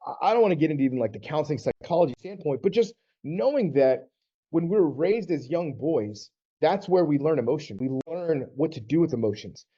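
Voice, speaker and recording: A fairly high-voiced man from the American South coaches other men in an earnest, conversational way, often slipping into short acted-out exchanges. His tone is mellow and warm. The audio is a little dull and lo-fi. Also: big pitch swings, brisk, slightly rough. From Southern United States. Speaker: men's divorce coach. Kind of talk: direct-to-camera coaching talk.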